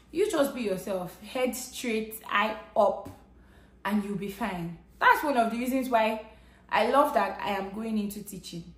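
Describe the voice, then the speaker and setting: A Nigerian woman with a Nigerian English accent, telling a personal story to camera in an earnest, conversational way. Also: mid-range voice. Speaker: vlogger. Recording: echoey room.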